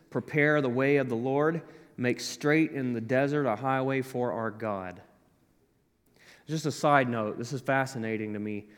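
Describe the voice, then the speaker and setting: A man's voice: medium pitch, clear, resonant tone. Man preaching in a reverberant hall. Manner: animated, acts out voices in quotes. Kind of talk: sermon.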